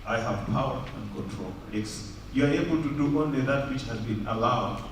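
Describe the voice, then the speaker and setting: A pastor preaching a sermon in a church, moving between loud raised lines and low quiet ones. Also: male voice, moderate pace, a little hiss or hum. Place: church hall. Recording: very echoey church from far off.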